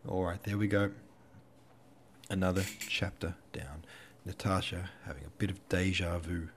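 A man narrating a classic novel as an audiobook podcast host, in a measured, even reading. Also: low voice, a little hiss or hum.

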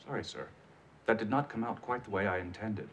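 An actor playing a polite, literal-minded android officer who speaks in a precise, formal way. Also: male voice, on the low side, a little fast, a bit bright, slight background noise, natural voice. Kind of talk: TV drama acting. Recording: faint background ambience from a TV episode.

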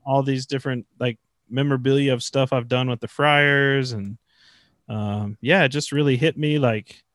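A man in the middle of his range chats loosely on a podcast, trailing into "like" and "uh" as he tells stories. The recording is dry and close, with no room around him. He sounds relaxed and unscripted. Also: medium pitch, moderate pace, dry recording. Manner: rambling storyteller, many fillers. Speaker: podcast co-host, religious brother. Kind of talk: casual chat.

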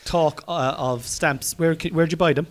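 A man's voice: a little high, steady tone, normal speed. An Irish man in his forties co-hosting a podcast, teasing and playful in casual chat with his wife. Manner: teasing, playful, bursts into loud mock shouting. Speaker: podcast co-host.

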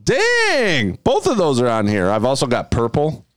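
A man's voice: medium pitch, wildly swooping pitch, measured pace, fairly bright tone, no room sound, studio quality. A man co-hosting a podcast, bantering casually and quizzing the others with jokey questions. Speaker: podcast co-host. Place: outdoors on a driveway.

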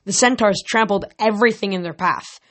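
A woman's voice: medium pitch, a little fast, a bit bright. Woman narrator, amateur audiobook read, occasional stumbles and restarts. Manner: reading with slips and restarts. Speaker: reader. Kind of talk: audiobook reading of a novel.

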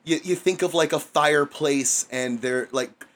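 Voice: medium pitch, a little slow, a bit bright. A podcast co-host in casual chat, making wry, joking asides.

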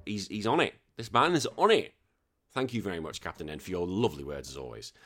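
A man from northern England, near Liverpool, hosting a podcast and answering listener questions in sweary, joking, animated rants. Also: sits low, fast talker. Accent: Northern English, near Liverpool. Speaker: podcast host. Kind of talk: casual chat reading listener questions.

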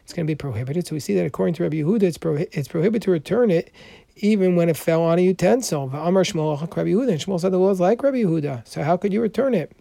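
A man's voice: sits high, lively intonation, very fast, creaky, warm tone, dry recording. A man teaching a Talmud class, reading Aramaic passages aloud and explaining them in English with frequent restarts.

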